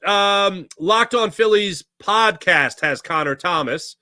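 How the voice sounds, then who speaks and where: Lively, animated young man hosting a sports show. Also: sits high, takes it slowly, dry recording, studio quality. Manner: energetic and rambling, reads viewer comments aloud. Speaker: sports talk host. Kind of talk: casual live-stream chat.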